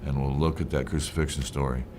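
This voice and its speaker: A man's voice: rumbling low, level tone, fast talker, background noise. A man teaching a Bible study in a conversational way, retelling scenes and voicing the people in them.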